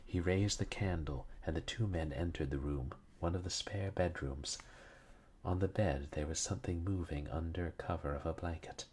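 A man reading an old horror story aloud in a slow, solemn, dramatic manner. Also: low-pitched, darkish tone, a little hiss or hum. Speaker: reader.

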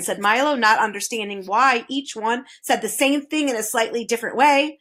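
A woman reading a children's chapter book aloud, with expressive narration. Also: fairly high pitch, moderate pace, hardly any pauses. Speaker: reader. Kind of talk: storybook read-aloud.

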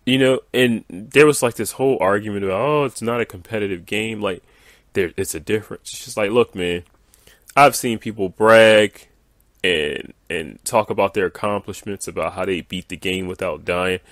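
A gaming video creator with a very deep, slightly bright voice rants through viewer comments at a normal speed, sounding exasperated and dismissive. His speech is full of "like" and "uh" fillers. The recording is close-miked and dry, with no echo.

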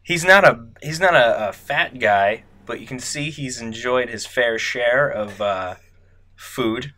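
A man's voice: medium pitch, slow, bright, forceful tone. A man who guests as a player in a tabletop game, describing his character in a rambling way with many fillers. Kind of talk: casual game chat.

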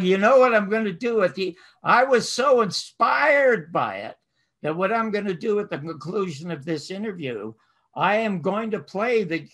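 A man's voice: high-pitched, a bit bright. An older man hosting a talk show, asking long, effusive questions with emphatic praise. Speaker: host.

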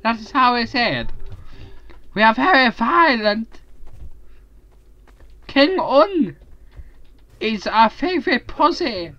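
A man putting on a crude, boastful foreign-sounding character with a loud, mock-serious delivery. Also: very high voice, big pitch swings, slow pace, pauses often, dry recording, lo-fi sound, pitched above the performer's own voice, exaggerated voice.

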